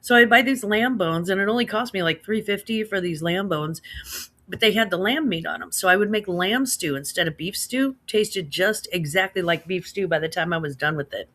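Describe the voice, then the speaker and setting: A chatty woman in her thirties with a Midwestern American accent, hosting a relaxed livestream from home. Her voice is bright and forward. She talks in a loose, friendly way, slips into slang and laughs easily between comments. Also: fairly low pitch, moderate pace. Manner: chatty, laughs often, says girl and slaps. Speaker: livestream host reading chat. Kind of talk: casual chat.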